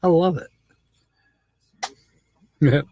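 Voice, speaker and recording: A man's voice: a little high, very slow, warm tone, a little hiss or hum. A man hosting a live stream, chatting casually with viewers, laughing often and reading comments aloud.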